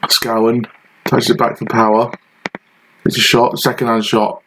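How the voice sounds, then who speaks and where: A man's voice: medium pitch, level tone, measured pace, a bit bright, a little hiss or hum, rough recording. A man giving frustrated, sarcastic play-by-play commentary over a football management game he is playing. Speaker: gaming channel host.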